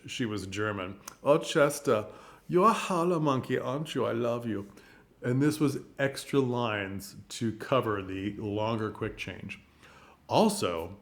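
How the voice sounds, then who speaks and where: Guy chatting about theater to camera, easygoing, little laughs here and there. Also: on the low side. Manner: chatty, chuckles between points. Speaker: theater commentator. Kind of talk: casual talk to camera.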